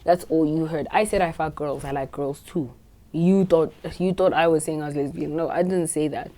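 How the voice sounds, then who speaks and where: Low-voiced woman, blunt and cocky. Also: normal speed, mellow. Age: 20s. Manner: blunt, profane and self-assured. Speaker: podcast host. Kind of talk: casual storytime monologue.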